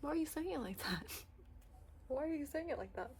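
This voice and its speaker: A young woman chatting casually to camera about her reading, rambling with lots of fillers and excited bursts. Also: high-pitched, moderate pace, slight background noise. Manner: expressive, swings into loud excited bursts. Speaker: book vlogger.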